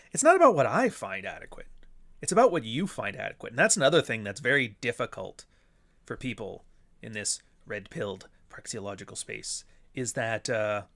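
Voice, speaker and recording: A man's voice: mid-range voice, fairly bright tone. A man hosting a casual livestream, talking bluntly and sardonically with plenty of swearing, asking and answering his own rhetorical questions while reading chat messages.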